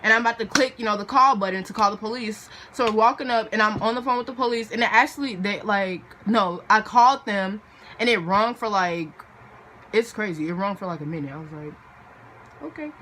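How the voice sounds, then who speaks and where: A teenage girl vlogger tells a storytime in a chatty, dramatic way, packed with fillers and acting out the voices of the people involved. Her mid-range voice is brisk, bright and forceful, with a little hiss or hum in the recording.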